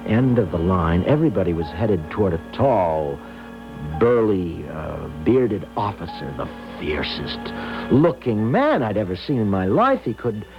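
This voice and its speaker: A man's voice: lowish voice, highs cut off. An actor playing a timid, nervous young man who stammers and hesitates, in old-time radio acting.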